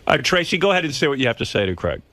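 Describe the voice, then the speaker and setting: A man's voice: mid-range voice, sing-song, rapid-fire, a crowd in the background. A man hosting a talk radio show, teasing and provoking his guest. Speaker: radio host.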